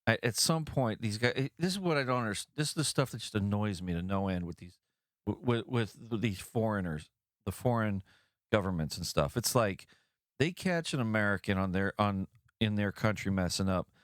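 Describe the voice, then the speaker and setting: A podcast host with a lowish voice and lively intonation speaks at a normal pace over clean, dry studio audio. He gives blunt, profane commentary on news stories, ranting and putting on mock voices for the people he criticizes.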